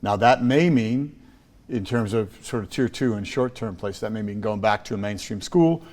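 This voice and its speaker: A man's voice: on the low side, normal speed, darkish tone, big-room sound. A man with an American accent, from Chicago, telling stories emphatically as a podcast guest, often restarting and repeating words. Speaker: guest, school trust leader. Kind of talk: podcast interview.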